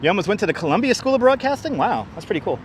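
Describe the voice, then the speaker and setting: A man's voice: high-pitched, sing-song, very fast, a little hiss or hum, poor audio. A man hosting a casual walking livestream outdoors, sarcastic and chatty, greeting viewers by name into a clip-on mic. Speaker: livestream host. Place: outdoors on a city street. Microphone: wireless clip-on mic.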